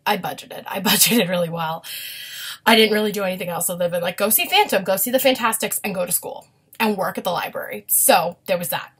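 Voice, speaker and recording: A young woman chatting casually in a vlog, gushing and quick to get emotional. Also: mid-range voice, a bit bright, breathy edge. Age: young adult. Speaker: vlogger. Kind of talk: casual chat.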